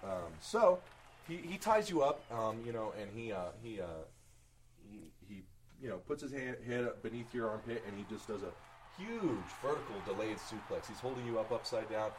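A man narrating as game master of a tabletop game in an animated, chatty way. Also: lowish voice, a little fast, slight background noise, poor audio. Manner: animated, chatty, laughs often.

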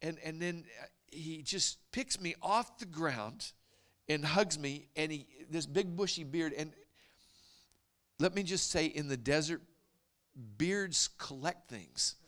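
A man preaching a storytelling sermon, animated and dropping to hushed whispers for emphasis. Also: a little high, takes it slowly.

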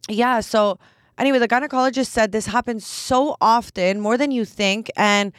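A young adult woman with a slightly high voice hosts a podcast, telling a personal story at a moderate pace in a candid, chatty way full of fillers. The sound is clean studio audio with no room sound.

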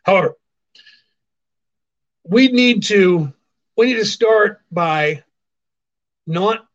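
Male livestream host, high-pitched, sarcastic ranting delivery that hammers points home; dull lo-fi phone audio. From California, US. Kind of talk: casual ranting commentary.

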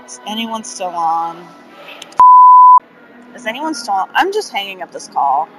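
A woman from Kentucky with a Kentucky accent, co-hosting a casual chat over a call, giggly and quick to exclaim. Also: mid-range voice, very animated, loud music behind the voice, rough recording. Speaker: podcast co-host. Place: indoors. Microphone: call audio.

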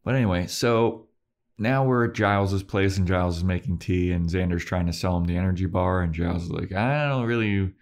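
Casting: young adult male co-host, low voice, casual recapper who swears freely. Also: fairly even intonation, a little fast, a little mellow. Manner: casual, swears, retells scenes. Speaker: podcast co-host.

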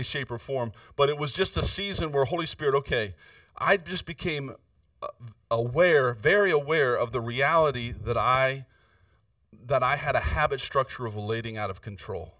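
A man's voice: mid-range voice, pushed and bright, dry recording, studio quality, recorded from a distance. A man preaching a conversational sermon as a pastor, earnest and personal, often checking in with "right?".

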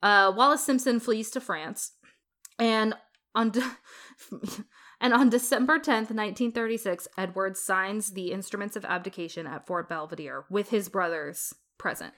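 A woman's voice: mid-range voice, moderate pace, fairly bright tone. A woman co-hosting a podcast, recounting history in a chatty storytelling way with playful asides. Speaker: podcast co-host. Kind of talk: casual history chat.

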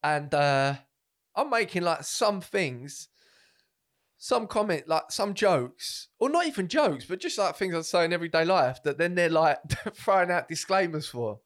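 A young man, co-hosting a podcast, telling stories in a casual, animated way, swearing freely and acting out what people said. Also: fairly high pitch, measured pace. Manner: animated storyteller, swears freely, acts out quotes. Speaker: podcast co-host, comedian. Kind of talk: casual chat.

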